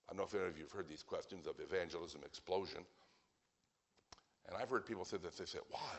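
A man preaching a sermon, emphatic and animated, acting out the people he quotes. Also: low voice, quick pace. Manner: emphatic, acts out quoted speakers with a lively voice.

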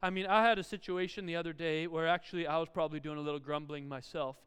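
A man preaching a sermon, telling funny stories about his family in an animated, self-deprecating way. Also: on the high side, quick pace, clean tone, in a large hall. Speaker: pastor.

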